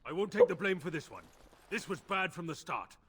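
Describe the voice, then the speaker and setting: Husky, shifty game criminal. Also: male voice, high-pitched, fairly quick. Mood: wary. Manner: curt and defensive. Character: shifty male criminal in a fantasy game, wary and sullen.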